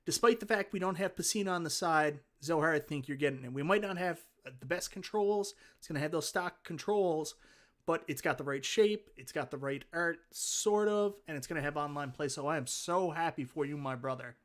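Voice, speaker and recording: Newfoundland guy doing a casual livestream, slightly high voice, excited and rambly, reads out chat comments. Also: brisk. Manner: enthusiastic, rambling, thanks viewers warmly. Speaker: livestream host. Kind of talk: casual live chat, reading viewer comments.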